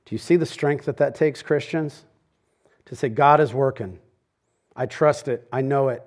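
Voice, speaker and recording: A man preaching a sermon as pastor, conversational and animated, swinging from loud emphatic lines to hushed ones. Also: mid-range voice, normal speed. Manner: conversational, with quoted asides.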